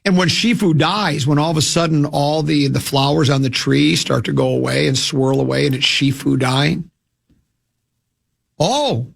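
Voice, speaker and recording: A man's voice: fairly high pitch, moderate pace, vocal fry. A man hosting a sports radio show, rambling and joking in casual studio chat, restarting his sentences often. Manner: rambling, jokey, full of restarts.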